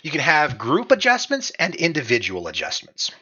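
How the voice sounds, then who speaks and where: Brief: man, goofy game master, lively pitch, husky, bright, lo-fi mic. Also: normal speed. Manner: animated, goofy, laughs often. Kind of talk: narrating a tabletop game on a live stream. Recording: slightly dull lo-fi mic.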